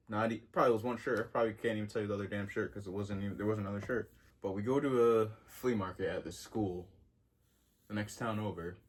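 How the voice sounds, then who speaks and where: A man in his twenties talking casually in a vlog, slangy and excitable, with sudden jumps in pitch. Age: 20s. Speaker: vintage clothing vlogger.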